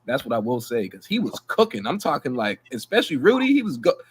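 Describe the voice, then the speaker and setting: A man talking hoops on a podcast with loose slang, jumping up in pitch when he gets hyped. He laughs easily and keeps things casual. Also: fast, slightly rough. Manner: animated, heavy slang, laughs often. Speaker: podcast co-host. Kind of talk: casual sports chat.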